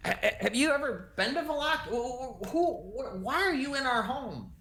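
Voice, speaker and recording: A woman's voice: sits high, very animated, normal speed, fairly bright tone, echoey room, voice pushed up, exaggerated voice. Woman putting on a flustered older village mother. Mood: indignant. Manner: rattled, stammering questions.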